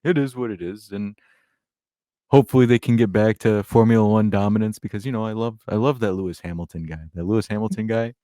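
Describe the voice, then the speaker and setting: A man's voice: lowish voice, quick pace, dark tone, no echo, studio quality, close to an everyday voice. A man doing a rambling, boastful impression of a blustery politician, repeating himself.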